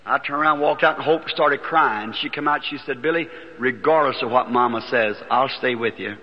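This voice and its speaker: A man in his 50s preaches a sermon before a congregation in a large hall, recounting his life story in a folksy manner and voicing the people in it. His voice is medium in pitch and moderately paced. The archival recording is dull and lo-fi, with long hall reverb.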